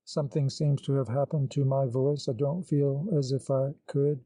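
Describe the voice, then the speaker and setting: A man's voice: mid-range voice, fairly even intonation, moderate pace, warm tone, no room sound, close to an everyday voice, poor audio. A man voicing a dazed young woman singer who speaks with hesitancy and stammers, in an audiobook.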